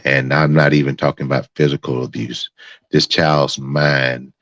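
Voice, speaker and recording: A man with an extremely low, deep voice delivers heated commentary as host of his own stream, cursing and circling back over his words. The sound is dry and a little dull, like a close, lo-fi mic. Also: level tone, normal speed, fairly bright tone, dry recording. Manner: angry, profane, repeats himself.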